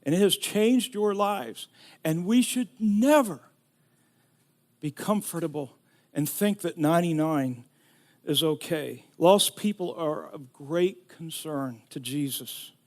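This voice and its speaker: A middle-aged man preaching a sermon, telling a personal story with rising emotion that builds to shouting. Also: fairly high pitch, takes it slowly. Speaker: pastor.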